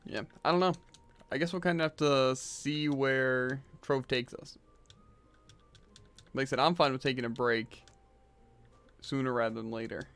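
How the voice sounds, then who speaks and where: A man's voice: medium pitch, fairly even intonation, normal speed, vocal fry, long pauses, fairly bright tone, clear, resonant tone, faint music behind. A man streaming a game who is losing his voice, chatting casually and rambling with lots of fillers into a desk microphone at home. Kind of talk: casual gaming chat. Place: hot room at home.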